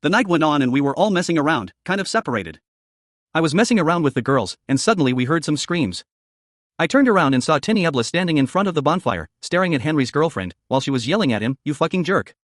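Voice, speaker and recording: A man's voice: fairly high pitch, big pitch swings, fast talker, fairly bright tone, dry recording, clean studio sound. A man narrating a personal story in a casual, conversational way, dropping "man" and swear words.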